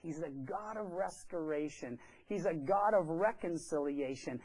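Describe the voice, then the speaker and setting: A man's voice: fairly high pitch, a little slow, darkish tone, low-quality recording. A pastor telling a story during a sermon in a church. He talks in a chatty way and acts out the quoted voices. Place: church sanctuary.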